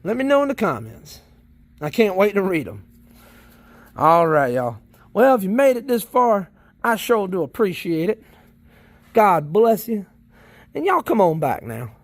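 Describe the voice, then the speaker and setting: A man's voice: sits high, big pitch swings, a little slow, pauses often, dry recording. A man with a Southern US accent, a worm farmer chatting casually and rambling as he digs through his worm bins outdoors. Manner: folksy, rambling, talks while digging in worm bins. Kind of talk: casual chat.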